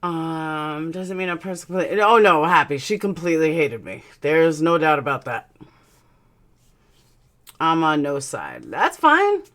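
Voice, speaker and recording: A woman's voice: low-pitched, sing-song, a little slow, fairly bright tone. A woman hosting a casual live stream, chatting bluntly and reading out her chat, speaking with a slight lisp. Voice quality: slight lisp from dental aligners. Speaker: livestream host reading chat.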